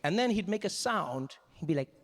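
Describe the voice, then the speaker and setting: A man's voice: high voice, brisk, background noise. A man from South Africa with a South African accent telling a stand-up story, acting out the people in it. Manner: animated, acts out characters, self-deprecating. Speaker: stand-up comedian.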